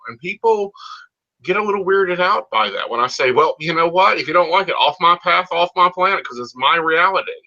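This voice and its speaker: A man co-hosting a live psychic talk show speaks fairly quickly, emphatically and confidently, calling people "honey" during the casual chat. His high-pitched voice is expressive, pushed, and bright, while the audio itself is dull and lo-fi.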